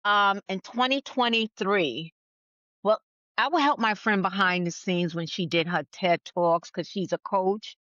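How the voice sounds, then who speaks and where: At a measured pace and with a fairly bright, medium-pitched voice, a speaker and author on a podcast reads a letter to her younger self earnestly and affirmingly, then chats candidly. The audio is dull and lo-fi, with no room sound.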